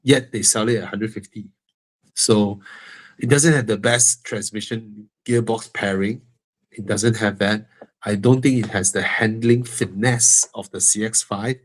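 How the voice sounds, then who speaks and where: Fairly low in pitch, steady in tone and measured in pace, this Malaysian English-accented man runs a live car-buying Q&A. His answers are blunt and laced with jokes, and his blocked nose leaves him breathing heavily.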